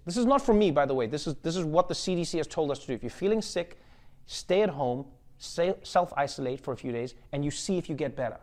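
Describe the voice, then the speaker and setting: A man hosting a comedy show from home, delivering a casual, playful monologue with sudden loud jumps. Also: on the high side, lively intonation, quick pace. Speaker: late-night comedy host.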